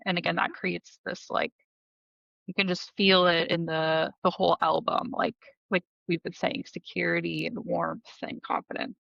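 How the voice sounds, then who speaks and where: A woman's voice: fairly low pitch, level tone, moderate pace, creaky, a bit bright, dry recording, dull audio. A woman therapist chatting eagerly on a podcast with many fillers. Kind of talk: casual podcast chat.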